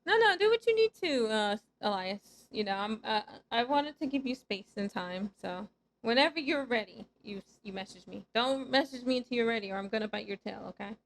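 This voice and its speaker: A woman's voice: mid-range voice, brisk. A young woman VTuber chatting casually with her live-stream viewers while gaming, playful and teasing, breaking into squeals and laughter.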